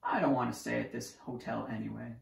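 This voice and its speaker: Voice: medium pitch, steady tone, fairly quick, creaky. A reader voicing a sulky little brother who complains, in a roomy echo.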